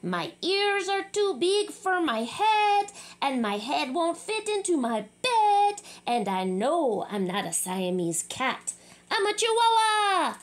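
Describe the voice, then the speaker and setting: Storybook kitten boy who thinks he's a Chihuahua, put-on Spanish accent, high and lively, voiced by a woman reader. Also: slow, heavily acted. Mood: boastful.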